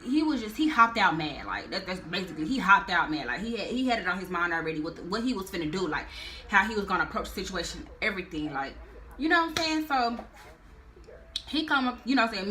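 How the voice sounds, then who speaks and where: A young woman telling a story in a storytime vlog, animated and slangy, with drawn-out phrasing. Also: mid-range voice, noisy background. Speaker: vlogger.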